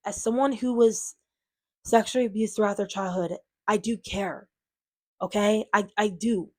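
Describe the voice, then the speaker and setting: A woman's voice: mid-range voice, fairly even intonation, moderate pace. A woman talking to her viewers in an unscripted vlog, defensive and frustrated, rambling with lots of fillers. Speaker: channel owner.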